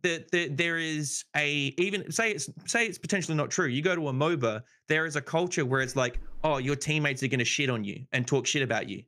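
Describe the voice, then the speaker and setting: A man's voice: on the high side, a little fast, hardly any pauses, bright, forceful tone. A man rambling in casual podcast chat, swearing freely and saying "you know" a lot. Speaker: podcast guest.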